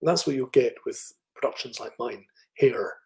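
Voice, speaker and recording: A middle-aged Scottish man with an educated, middle-class accent works through a phonetics talk. He speaks at a mid pitch, thinks aloud with fillers and restarts, and sounds out sample words as he goes. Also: a little fast, creaky, darkish tone, low-quality recording. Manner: thoughtful, with fillers and restarts, demonstrating speech sounds. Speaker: phonetics professor giving a lecture. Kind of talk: academic online lecture.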